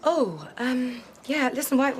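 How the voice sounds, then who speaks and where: A flustered woman stammers and hedges while setting up a date. Her voice is a touch high. Faint ambient noise sits behind her. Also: sing-song, a little slow. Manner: hesitant, nervous, stumbling. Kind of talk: TV soap acting.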